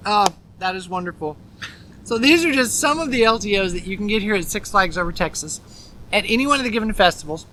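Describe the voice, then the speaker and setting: Bright-voiced, chatty woman host. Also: mid-range voice, animated, moderate pace, long pauses, slight background noise, low-quality recording. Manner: enthusiastic, chatty, laughs often. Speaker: park staff host. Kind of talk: casual on-location food chat. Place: outdoors at a theme park.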